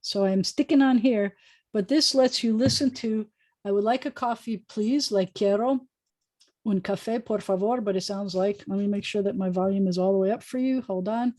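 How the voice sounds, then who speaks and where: A woman's voice: medium pitch, moderate pace, warm tone, no room sound. Chatty woman rabbi teaching online. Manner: chatty, thinking aloud, many fillers. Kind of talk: informal online lesson. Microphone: video call.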